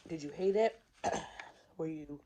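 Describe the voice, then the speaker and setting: A woman chatting casually to the camera while eating, pausing between bites and asking viewers questions. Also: low-pitched, mellow, a little hiss or hum. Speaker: vlogger. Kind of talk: casual mukbang chat.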